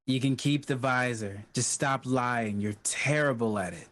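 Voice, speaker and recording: A man player speaking in character in a tabletop game, calm and blunt. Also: mid-range voice, a little slow.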